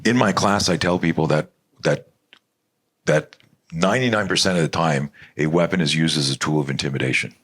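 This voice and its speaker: A middle-aged man from Canada, a self-defense instructor guesting on a podcast, telling a story in an animated, blunt way and swearing freely. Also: very deep voice, a little fast, husky. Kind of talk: storytelling in a conversational interview.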